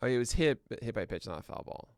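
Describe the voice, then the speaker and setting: A man's voice: mid-range voice, expressive, quick pace, darkish tone, clean tone, no echo, studio quality. A man hosting a podcast livestream, chatting casually and thinking aloud with mumbled asides while he checks notes. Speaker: podcast host. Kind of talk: casual livestream chat before a show.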